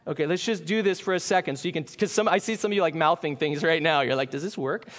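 A man preaching a sermon, earnest, asking the congregation questions and slowing down to stress key points. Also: fairly high pitch, a bit bright. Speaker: pastor.

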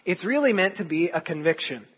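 High-voiced man preaching a casual sermon. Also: animated, fairly quick, fairly bright tone, breathy edge. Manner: conversational, often checks in with "right?" and "okay?". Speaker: pastor. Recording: dull lo-fi sound.

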